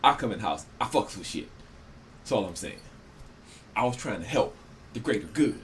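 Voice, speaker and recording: A man's voice: fairly low pitch, animated, moderate pace, a little hiss or hum. Laughing, slangy man in casual banter. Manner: joking, laughs often, slangy. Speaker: podcast co-host. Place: friend's home room. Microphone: one microphone shared by two.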